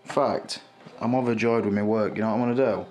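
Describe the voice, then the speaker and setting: A swaggering man with a fairly low voice, talking loud and brash in a casual hobby vlog. He swears constantly and brags about his own work. Soft music sits faintly behind him. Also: fairly even intonation, quick pace. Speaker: action figure collector vlogger.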